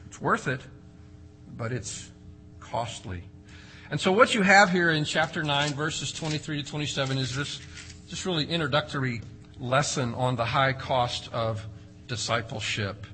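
A man's voice: mid-range voice, moderate pace, sharp tone, soft background music, low-quality recording. A man preaching an expository sermon, emphatic, with rhetorical questions and strong rises and drops for stress. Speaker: pastor.

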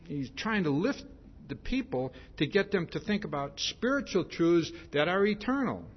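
Heard through a dull lo-fi sermon recording, a man with a high, slightly rough voice preaches an expository Bible sermon at normal speed. He often asks "see?" to press each point, speaking emphatically with lively rises and drops.

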